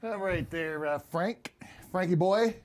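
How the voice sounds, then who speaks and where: A man's voice: sits high, takes it slowly. A man playing a lawyer in an improvised mock courtroom comedy, crude and mocking, questioning with theatrical flair.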